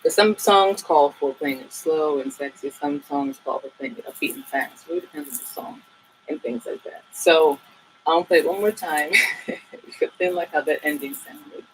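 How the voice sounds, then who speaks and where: A woman teaching saxophone in a relaxed, chatty way, with many fillers and asides. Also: low-pitched, normal speed, a little hiss or hum, rough recording. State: a bit out of breath at times. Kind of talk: casual tutorial talk.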